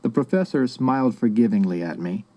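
Dark-voiced man narrating an audiobook. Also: medium pitch, animated, fairly quick. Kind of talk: first-person audiobook narration.

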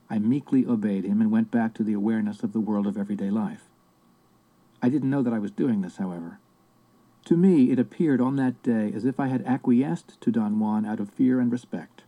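A man narrating a book in the first person in a measured, reflective way. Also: mid-range voice, warm tone, rough recording. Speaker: audiobook narrator.

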